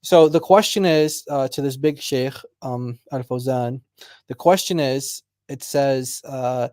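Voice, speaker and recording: A man hosting a casual online discussion, chatty and quick to laugh as he reads out clips. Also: mid-range voice, a little mellow. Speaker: discussion group host.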